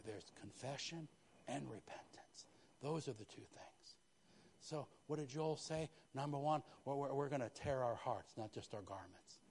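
A man's voice: mid-range voice, slightly rough. Man preaching with big swings in volume. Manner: swings from loud preaching to hushed, quiet confession; talks in quoted prayers and repeats phrases. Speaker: pastor. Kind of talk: sermon. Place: church.

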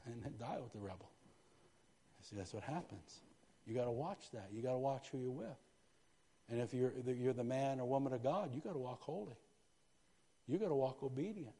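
A man preaching a sermon in a church, lively, with frequent asides to the congregation. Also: mid-range voice, breathy edge. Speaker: pastor. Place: church sanctuary. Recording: long hall reverb.

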